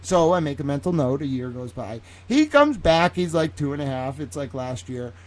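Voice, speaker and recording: A man rambles through a story on his stream, swearing freely. His voice is fairly high for a man and swings widely in pitch as he gets animated. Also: moderate pace. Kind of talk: casual livestream rant.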